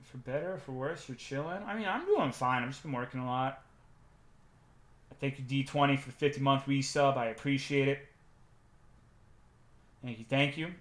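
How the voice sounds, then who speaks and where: A young man streaming, telling profane, animated anecdotes to his chat and acting out the quotes. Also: mid-range voice, normal speed, long pauses. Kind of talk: casual storytelling to chat.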